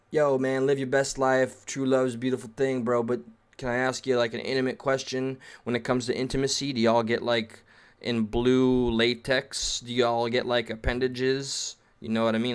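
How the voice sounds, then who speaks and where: A man's voice: mid-range voice, fairly bright tone, clean tone. A man reading an article aloud and breaking off into sarcastic, rambling asides in a casual reaction rant.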